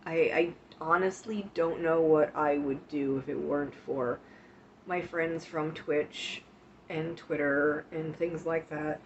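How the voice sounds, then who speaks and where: A woman streamer chatting casually with her viewers, emotional and tearful at times, talking in slow, halting bits with many pauses. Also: low-pitched, fairly even intonation. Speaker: live streamer. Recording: dull lo-fi stream audio with faint hiss.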